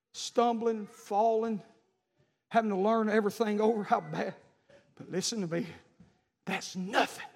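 Preacher guy, real high voice, goes from hollering to near whisper, church echo. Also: creaky. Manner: fervent preaching, swings from shouting to hushed. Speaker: pastor. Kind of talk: sermon. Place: church sanctuary.

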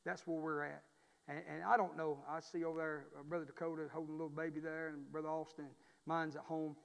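Preacher, high voice, church reverb. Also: male voice, little pitch movement, quick pace, gravelly. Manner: emphatic, folksy, repeats phrases for emphasis. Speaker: pastor. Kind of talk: preaching a sermon. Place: church sanctuary. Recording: long reverb of a church hall.

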